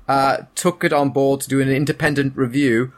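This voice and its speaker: A man hosting a podcast, talking in a dry, sardonic way with unhurried hesitations. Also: medium pitch, level tone. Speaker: podcast host. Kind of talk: casual chat.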